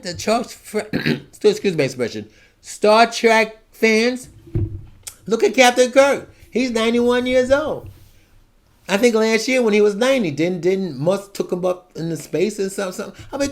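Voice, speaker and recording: A man in his seventies giving a rambling monologue to camera, ranting and digressive, with sudden swings from soft asides to loud outbursts. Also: high-pitched. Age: 70s. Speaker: vlogger.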